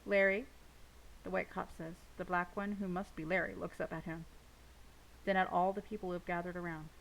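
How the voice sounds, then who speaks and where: Gravelly woman reading a novel aloud. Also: fairly low pitch, fairly quick, slight background noise, poor audio. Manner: steady first-person narration. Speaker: audiobook reader.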